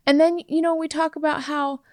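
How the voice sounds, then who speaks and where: Brief: woman podcast co-host, bright high voice, dry close sound, lively and demonstrative. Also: a little fast, no echo. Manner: animated, laughs often, acts out sample phrases. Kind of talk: casual chat.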